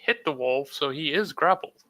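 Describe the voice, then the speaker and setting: A man playing a tabletop role-playing game, joking and unhurried. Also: on the high side, animated, bright, forceful tone. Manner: playful, unhurried, joking in character. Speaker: player. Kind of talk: casual chat at a game table.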